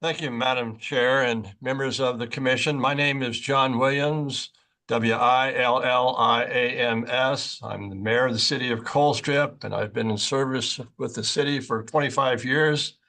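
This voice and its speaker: Gravelly older man, halting public comment. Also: mid-range voice, bright, forceful tone. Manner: halting, repeats words, many fillers. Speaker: mayor.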